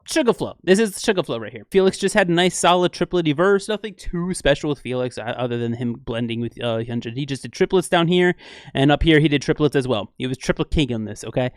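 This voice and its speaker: A man hosting a casual music breakdown, excitably scatting rhythms aloud as he explains them. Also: on the high side, a little fast, no echo, clean studio sound. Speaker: music reaction host.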